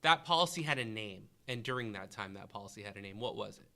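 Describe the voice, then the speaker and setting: Bright-voiced man quizzing a student. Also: fairly low pitch, expressive, fast talker, creaky. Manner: questioning, encouraging, thinking aloud. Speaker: history teacher and podcast host. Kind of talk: classroom review podcast, quizzing a student.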